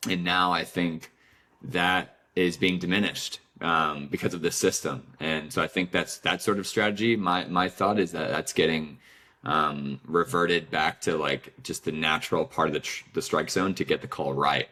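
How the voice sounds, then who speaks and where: A podcast host, a man with a low but bright-edged voice. He talks in a casual, tentative way, as if working out his thoughts while he speaks. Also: steady tone, normal speed. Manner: tentative, thinking aloud. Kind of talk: casual conversation.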